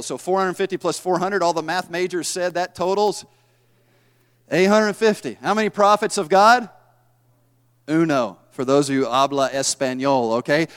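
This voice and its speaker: A man preaching a sermon, retelling scripture in a folksy, animated style. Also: high voice, a little fast. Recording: long hall reverb.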